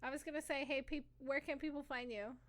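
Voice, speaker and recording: A young woman co-hosting a casual podcast chat, excitable and swearing freely with lots of fillers. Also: high-pitched, fairly quick, dry recording. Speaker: podcast co-host.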